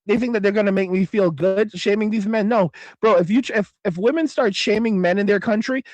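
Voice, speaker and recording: A man's voice: sits high, a little mellow, dry recording, dull audio. A man in his forties hosting a livestream, talking bluntly and profanely in a rambling way, with frequent restarts. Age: 40s. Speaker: livestream host. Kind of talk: casual ranting livestream.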